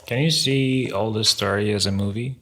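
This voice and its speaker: A woman's voice: extremely low pitch, normal speed, fairly bright tone. A woman hosting a casual chat, mostly giving brief backchannels and short questions.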